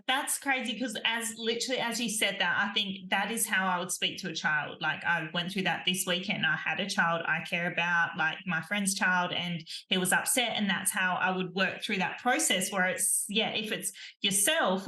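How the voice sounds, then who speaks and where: A woman's voice: medium pitch, normal speed, few pauses, bright, forceful tone. A woman hosting a podcast, chatting casually and agreeing often, with a lot of "like" in her talk. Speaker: podcast host. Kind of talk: casual chat. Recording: echoey room.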